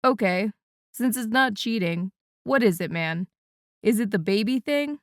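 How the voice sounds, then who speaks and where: A woman's voice: medium pitch, lively intonation, unhurried, no room sound, studio quality. A woman voicing a joking adult man with a playful, teasing manner in an audiobook. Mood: earnest. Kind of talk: audiobook character voice.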